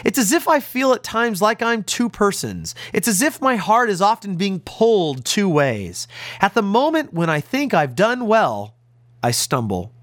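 An American man preaches with deep conviction, his voice climbing high and then dropping low and soft. His pitch sits a little above the usual for a man. The sound is close and dry, with no room echo. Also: big pitch swings, measured pace. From United States. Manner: earnest, emphatic preaching with big pitch swings. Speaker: pastor. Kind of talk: radio sermon.

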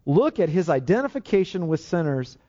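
Delivering an earnest, emphatic sermon, this male pastor keeps restarting his phrases. His warm-toned voice is fairly high, with big pitch swings and a fairly quick pace. The recording has a dull, lo-fi sound.

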